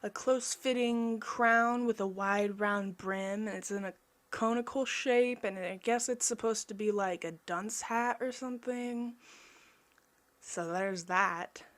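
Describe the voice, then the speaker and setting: A young woman chatting casually over her own drawing video, rambling and self-mocking, easily excited. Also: medium pitch, measured pace. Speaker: artist vlogger.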